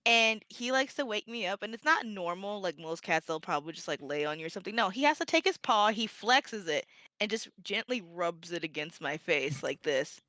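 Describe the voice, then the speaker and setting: A woman playing in a tabletop game, chatting in an animated way and acting out little stories with quoted lines. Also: mid-range voice, a little fast, dry recording. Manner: animated storyteller, quotes herself. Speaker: player. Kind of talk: casual chat before a tabletop game.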